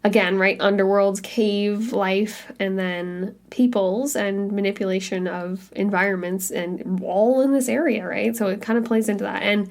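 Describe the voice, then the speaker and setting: A woman's voice: mid-range voice, steady tone, moderate pace, hardly any pauses. Chatty female podcast co-host. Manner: chatty, heavy use of "like", laughs easily. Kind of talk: casual chat.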